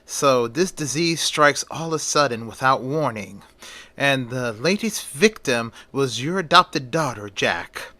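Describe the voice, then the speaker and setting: A man's voice: medium pitch, lively intonation, measured pace, bright, forceful tone. A man doing a wise elderly foreign professor. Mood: measured.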